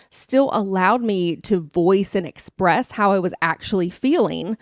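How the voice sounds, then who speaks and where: A woman's voice: medium pitch, dry recording, clean studio sound. A woman in her thirties hosting a podcast, telling a personal story in an earnest, confiding way. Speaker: podcast host.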